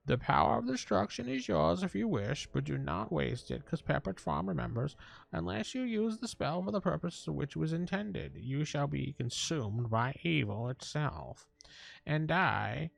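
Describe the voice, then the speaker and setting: A man voicing a frail old male spellmaker who speaks slowly and gravely in a gameplay video. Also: a little high, lively intonation, pitched above the performer's own voice, full character voice, low-quality recording. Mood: solemn.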